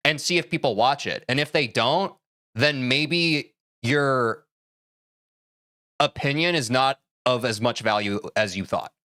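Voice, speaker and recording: A man's voice: mid-range voice, pushed and bright, no echo, clean studio sound. A man streaming a game, talking casually to his chat in a rambling, self-interrupting, opinionated way.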